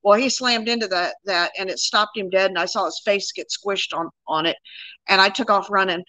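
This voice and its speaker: A woman's voice: mid-range voice, fairly even intonation, normal speed, sharp tone, dry recording, low-quality recording. A woman in her sixties, a guest plainly recounting her own experience in a casual interview.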